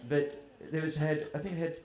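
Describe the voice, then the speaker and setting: A man with a slightly high, fairly fast, darkish voice and little pitch movement tells funny stories about his family. He's an author at a festival, chatty and self-deprecating with a live audience in a tent or hall. The recording sounds roomy, with faint hall ambience.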